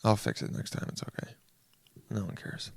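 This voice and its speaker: A man's voice: moderate pace, no echo, studio quality. A young man hosting a solo podcast, rambling through a comedic rant and slipping into mocking put-on voices of other people. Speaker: podcast host.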